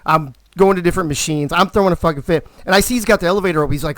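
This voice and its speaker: A man hosting a live stream, telling stories in a casual, animated way and swearing constantly. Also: on the high side, racing, dry recording. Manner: profane, animated, fired-up storyteller. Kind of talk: casual storytelling.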